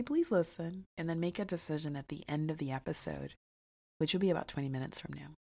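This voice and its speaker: Low husky woman host, gravelly edges, leans hard on repeated lines. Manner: warmly emphatic, repeats phrases slowly for effect. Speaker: podcast host. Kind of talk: inspirational podcast talk.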